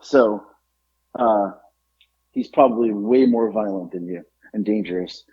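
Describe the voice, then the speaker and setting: A man's voice: on the low side, unhurried, breathy edge, muffled recording. A man co-hosting a podcast, telling a story in casual chat and acting out the people in it. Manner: animated, acts out the people in his story. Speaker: podcast co-host.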